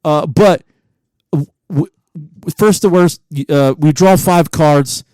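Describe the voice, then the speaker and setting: A man in his forties, co-hosting a podcast, telling stories in a profane, animated way and laughing often. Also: on the high side, slow pace, no room sound, clean studio sound. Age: 40s. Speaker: podcast co-host. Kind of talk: casual chat.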